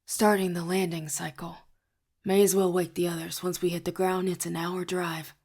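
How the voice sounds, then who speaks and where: A woman voicing a tough, teasing woman fighter who talks in a brisk, dry way. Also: lowish voice, little pitch movement, darkish tone. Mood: wry.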